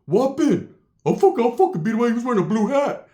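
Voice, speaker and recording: A man putting on a squeaky hyped young homie. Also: fast talker. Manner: high excited yelps. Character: hyped young male crew member, loud and squeaky. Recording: echoey room.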